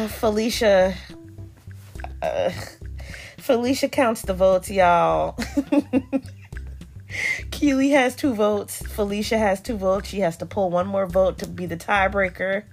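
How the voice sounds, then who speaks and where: A woman's voice: mid-range voice, takes it slowly, long pauses, faint music behind. A woman hosting a podcast, giving a casual, sassy review full of slang and frequent laughter. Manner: animated and sassy, laughs often, uses slang. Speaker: podcast host reviewing a reality show. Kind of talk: casual commentary.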